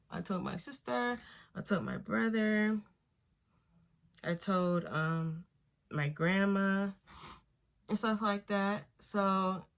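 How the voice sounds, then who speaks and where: A woman's voice: medium pitch, fairly bright tone. A young woman vlogger chatting through a story while doing her makeup, full of fillers and acted-out quotes. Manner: chatty, filler-heavy, acts out quoted voices. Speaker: beauty vlogger.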